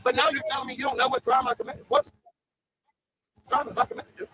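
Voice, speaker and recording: A belligerent, intoxicated man at a roadside stop who keeps repeating the same demand, shouting and swearing outdoors by his truck, caught on a police body camera. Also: very high voice, big pitch swings, fast talker, slight background noise, low-quality recording. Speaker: detained driver.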